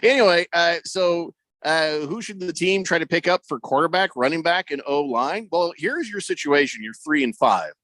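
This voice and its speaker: A man hosting a sports radio show in casual talk, reading listener messages aloud with a mocking, animated manner. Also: a little high, moderate pace, dry recording.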